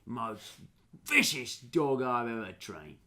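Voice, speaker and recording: Man voicing a gruff dog trainer, blunt, bright voice, lively pitch, tabletop game character. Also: slow, heavily acted.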